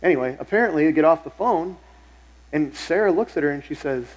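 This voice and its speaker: Pastor, man, middle-aged, fairly high voice, conversational sermon with repeated phrases for emphasis. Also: expressive, a little fast, low-quality recording. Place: church sanctuary.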